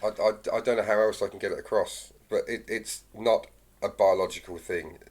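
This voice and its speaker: A man keeps pressing his point in a casual podcast debate. He asks question after question and returns calmly to his argument. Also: on the low side, moderate pace. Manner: persistent, questioning, calmly arguing. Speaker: podcast co-host.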